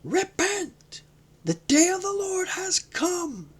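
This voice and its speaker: A man voicing a wild, hoarse male desert prophet who shouts fiercely. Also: extremely high pitch, sing-song, takes it slowly, pitched above the performer's own voice, exaggerated voice. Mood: fierce ranting.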